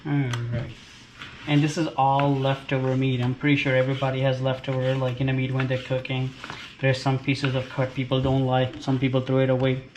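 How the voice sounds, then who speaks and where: A man's voice: medium pitch, monotone, brisk. Chatty man in an echoey kitchen. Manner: chatty, informal, explains step by step. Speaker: dog owner and trainer. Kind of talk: casual home cooking vlog. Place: home kitchen. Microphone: camera held by a helper. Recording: echoey room with background noise.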